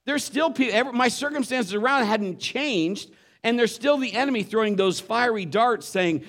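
A man's voice: extremely high pitch, normal speed, fairly bright tone. A man preaching a sermon, telling a story and acting out the voices of the people in it. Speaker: pastor.

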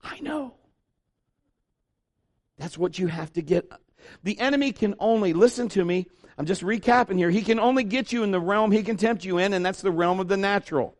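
A middle-aged male pastor delivering a sermon, animated and story-driven, with a notably high voice. He slips into other people's voices as he tells the story. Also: fairly quick.

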